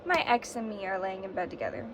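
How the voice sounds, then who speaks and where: A woman's voice: mid-range voice, big pitch swings, quick pace, slight background noise. A young woman telling a story in a casual vlog, sick with a fever and sore throat, ranting dramatically and swearing a lot. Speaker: vlogger.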